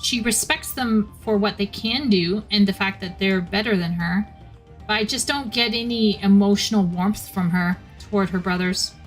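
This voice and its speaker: A woman live-streams a game and casually comments on its story, critiquing the writing and often restarting her sentences. She speaks at normal speed in a medium pitch, with faint music behind her.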